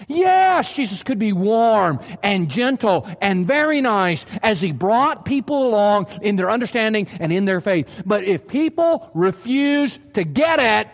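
A man's voice: high-pitched, big-room sound. A man preaching a sermon, emphatic and full of questions to his listeners. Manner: emphatic, asks the hearers questions.

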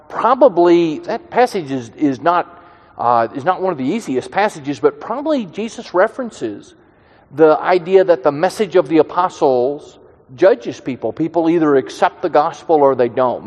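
A man with a slightly high voice teaches a Bible class in an easy, conversational way. He restarts phrases as he thinks and slows down to lean on key words. The sound carries a long reverb, as if in a large hall. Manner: conversational, thinks aloud with restarts, varies pace for emphasis.

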